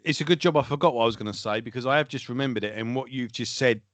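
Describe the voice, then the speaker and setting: A man's voice: mid-range voice, racing, a bit bright, no room sound. Man, rambling podcast co-host, dry close sound, casual chat. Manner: rambling, loses his train of thought.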